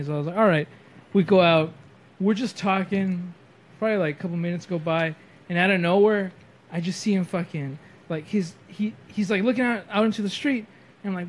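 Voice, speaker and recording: A man in his twenties, a podcast guest, telling a story in a casual, animated and profane way. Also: high voice, a little fast. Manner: animated, profane, acts out quotes.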